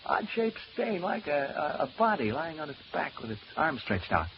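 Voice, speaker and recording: Jittery radio announcer alone in a haunted house. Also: male voice, a little high, very animated, moderate pace, slight background noise. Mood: uneasy joking. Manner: rambling, nervously joking, talks to himself. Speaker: radio announcer talking to listeners. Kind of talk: 1940s radio acting. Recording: muffled old radio broadcast recording.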